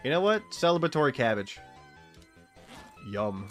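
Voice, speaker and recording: A man's voice: lowish voice, lively intonation, brisk, a bit bright, faint music behind. Rambling, swearing male streamer. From Texas. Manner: rambling, swears freely, laughs often. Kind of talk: casual gameplay commentary.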